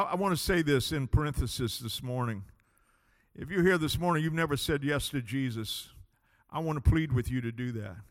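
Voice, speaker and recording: A man preaching a sermon as pastor, impassioned, swinging between loud declarations and hushed pleading. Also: a little high, in a large hall.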